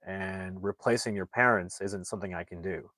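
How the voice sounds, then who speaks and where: A man retelling a film, quoting lines as a gruff, regretful older Santa Claus in his own everyday voice. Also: deep voice, fairly even intonation, normal speed, pushed and bright, dry recording. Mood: stern, regretful. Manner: casual retelling of movie lines.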